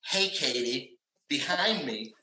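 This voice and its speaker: The trivia company owner, interviewed as a guest over a video call in an echoey room, speaks in a mid-range voice with lively intonation and a sharp tone. He takes it slowly but stays casual and chatty, with frequent laughs and plenty of fillers.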